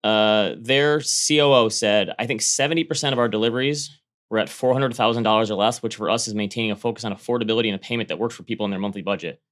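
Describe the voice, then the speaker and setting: A man co-hosting a casual finance podcast, animated and quick, often restarting his sentences. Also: on the low side. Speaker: podcast co-host.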